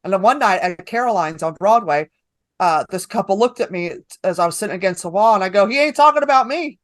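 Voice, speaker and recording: Animated woman comic telling stories. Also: mid-range voice, fast, no room sound. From New York. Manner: animated storytelling with acted-out quotes. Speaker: stand-up comedian guest. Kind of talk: casual podcast interview.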